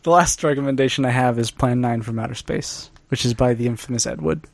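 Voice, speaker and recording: A man co-hosting a podcast in casual chat, jokey and animated, laughing often. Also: medium pitch, quick pace, gravelly, no echo. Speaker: podcast co-host.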